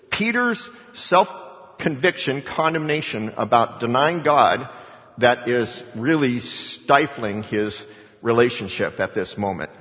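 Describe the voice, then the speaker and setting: A man preaching a sermon to his congregation, his voice rising to loud, insistent emphasis and then dropping to quiet asides. He sits at a middle pitch, and the sound carries a long, ringing hall reverb. The recording is dull and muffled, lacking top end. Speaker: pastor.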